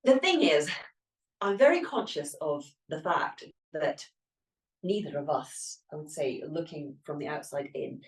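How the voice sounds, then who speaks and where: A woman's voice: deep voice, animated, a little slow. A middle-aged woman co-hosting a podcast, chatting casually and often hesitating to find her words. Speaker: podcast co-host. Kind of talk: casual chat. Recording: roomy echo, distant from the mic.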